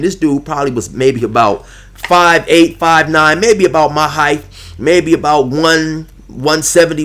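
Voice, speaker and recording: An older man with grandchildren telling a personal story to his viewers in a casual, emphatic, conversational way, speaking to them directly. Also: medium pitch.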